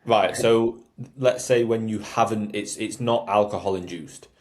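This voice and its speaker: Young bloke, very deep voice, swearing through podcast banter. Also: male voice, steady tone, measured pace. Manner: swearing, storytelling, laddish. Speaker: podcast co-host. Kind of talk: casual chat.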